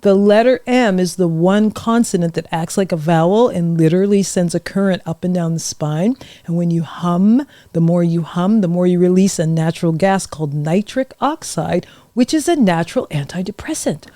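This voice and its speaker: A middle-aged woman, a vocal coach, leading warm-up exercises in a lively, encouraging, demonstrative way on a podcast. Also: fairly low pitch, moderate pace, hardly any pauses, no echo. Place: podcast studio.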